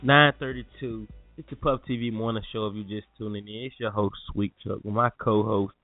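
A man's voice: lowish voice, steady tone, fairly quick. A man hosting a morning talk show, chatting loosely and full of slang. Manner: loose, slangy, repeats words. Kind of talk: casual radio chat. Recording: tinny phone-like sound with music.

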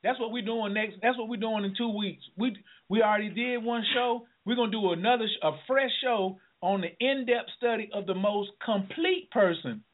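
A high-voiced man hosts a call-in radio show, excitable and preachy, whooping and laughing as he talks. His voice comes through a tinny phone line. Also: normal speed, few pauses. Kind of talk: lively call-in radio talk.

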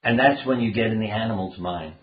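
With a lowish voice and a fairly quick pace, an older man, a doctor and author, tells earnest, meandering anecdotes as an interview guest. The storytelling conversation sounds as if it were recorded on a phone-like line in a roomy room.

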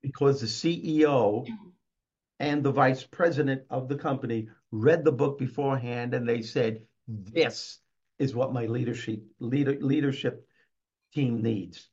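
A man's voice: mid-range voice, unhurried, a little mellow. An older man, a motivational speaker and guest, talking emphatically and upbeat in a conversational interview. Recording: dull lo-fi recording.

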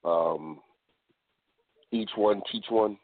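A man's voice: fairly low pitch, extremely slow, no room sound. A man hosting a casual talk show who often repeats words and restarts his phrases. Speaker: podcast host. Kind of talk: casual chat. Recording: tinny phone-line sound, dry.

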